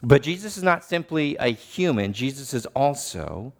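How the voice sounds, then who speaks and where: A man in his thirties preaching a sermon in a church, reading scripture and teaching with deliberate, emphatic rises. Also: medium pitch, very animated. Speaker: pastor. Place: church sanctuary.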